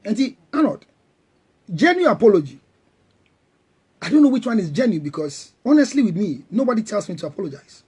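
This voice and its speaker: Middle-aged Ghanaian man, defensive and emphatic, husky with a lively pitch. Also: fairly quick, long pauses. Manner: defensive, emphatic, mixes English and Twi. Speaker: guest counselor. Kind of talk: heated panel discussion.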